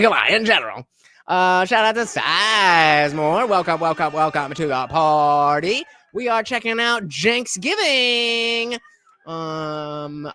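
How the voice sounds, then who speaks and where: A man streaming live, reading chat aloud and answering it with mocking sarcasm, sometimes bursting out loud and sometimes trailing off in mumbles. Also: a little high. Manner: swings from loud outbursts to mumbling.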